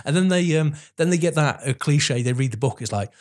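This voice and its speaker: A young British man co-hosting a casual podcast. He swears freely and laughs often. He slips into quick put-on voices when retelling film scenes. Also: a little high, expressive. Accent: British English. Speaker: podcast co-host. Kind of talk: casual chat.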